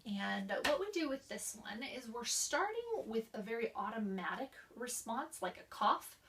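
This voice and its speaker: A young woman gives a class presentation on voice therapy exercises, demonstrating each with coughs, sighs, or drawn-out words. Her voice is a little high and animated, picked up by a distant mic over a noisy background.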